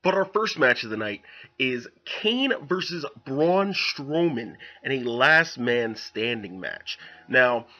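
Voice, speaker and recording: A young man casually recapping a wrestling show, rambling and animated with lots of fillers. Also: mid-range voice, takes it slowly, muffled recording.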